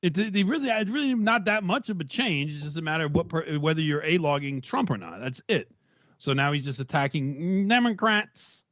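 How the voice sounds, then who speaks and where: A man's voice: a little high, animated, moderate pace, a bit bright, no echo. A man with a slightly raised voice rambles through casual stream commentary, restarting his thoughts often. His voice sounds muffled and close, with no room around it. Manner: rambling, discursive, many restarts.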